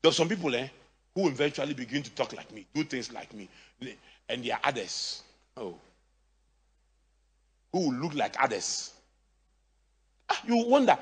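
A male pastor preaching a sermon, swinging from quiet asides to shouted, high-pitched exclamations. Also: big pitch swings, normal speed, pauses often, slightly rough. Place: church. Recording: church hall reverb.

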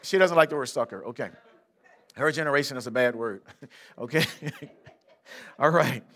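An older man, a bishop, preaching a lively sermon and acting out Bible figures in street slang. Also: medium pitch, moderate pace. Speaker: pastor. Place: church sanctuary.

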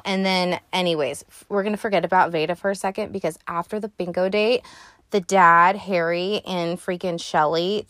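A young woman hosting a podcast, recapping a film in a casual, profane, animated way with sassy asides. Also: medium pitch, clean tone, dry recording, studio quality. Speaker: podcast host.

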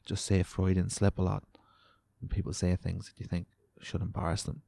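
A man's voice: low voice, flat delivery, moderate pace, gravelly, dark tone, a little hiss or hum. A young man, a podcast host ranting casually and sarcastically, swearing as he reads news items aloud.

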